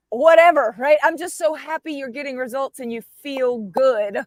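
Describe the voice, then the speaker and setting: A woman coach chatting on a live video call, telling animated stories with playful asides. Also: high-pitched, normal speed, few pauses, dry recording. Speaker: carnivore diet coach. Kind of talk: casual live-stream chat.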